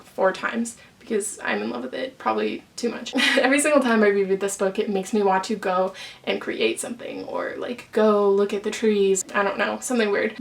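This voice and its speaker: A young woman talks through her book picks in a casual, gushing way, stringing thoughts together with lots of "like" and "um". Her voice sits at an ordinary middle pitch for a woman, and she sounds a little breathless from talking so much. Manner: chatty, gushing, many "like" fillers. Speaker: book vlogger.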